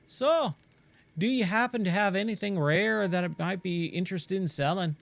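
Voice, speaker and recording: A man's voice: sits high, normal speed, vocal fry, slight background noise, voice pushed up. A man putting on a folksy wandering merchant. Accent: mixed put-on accent. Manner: friendly, folksy, salesman patter. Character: chatty male traveling merchant with a jumbled accent.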